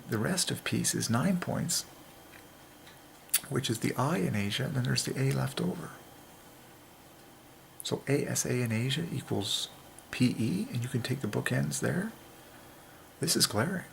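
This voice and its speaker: A gravelly-voiced man talks through letter-by-letter word comparisons with mounting excitement. He often sinks into a hushed whisper for emphasis. A faint hiss of noise sits behind him. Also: mid-range voice. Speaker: channel host. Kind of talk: religious letter-counting monologue.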